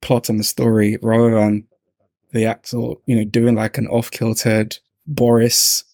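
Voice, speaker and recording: A man chatting about films on a podcast, relaxed and easily amused. His mid-pitched voice has a gravelly, crackly edge. The sound is dry and close. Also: measured pace, no echo. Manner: relaxed, laughs often, asks guests questions. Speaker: podcast co-host. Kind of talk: casual film discussion.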